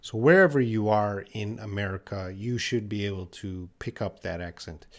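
A man teaching English in a live question-and-answer stream, reading viewer questions aloud and answering them patiently. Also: on the low side. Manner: slow, patient, reads viewer questions aloud then explains.

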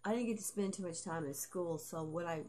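A woman's voice: fairly low pitch, a little fast, dark tone, slight background noise. A middle-aged woman vlogging in a rambling, casual monologue, swearing freely and laughing often. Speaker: vlogger and aspiring author.

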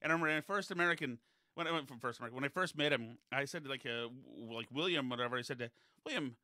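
A man with a bright, forceful voice tells loose, wandering stories in a relaxed podcast chat. He is recorded close and dry, with no room sound. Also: mid-range voice, racing, no room sound. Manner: digressive, chatty anecdote-telling.

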